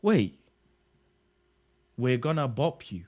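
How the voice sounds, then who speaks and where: Excitable young man, lively voice. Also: a little high, unhurried. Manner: excitable, repeats himself, ends phrases with "bro". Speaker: livestream host. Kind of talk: casual livestream chat.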